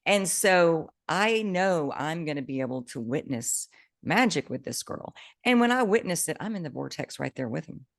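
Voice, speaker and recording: Low-voiced woman telling an animated story. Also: moderate pace, creaky, no echo, clean studio sound. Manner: animated storytelling, bursts of excitement. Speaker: podcast co-host, coach. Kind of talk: casual chat.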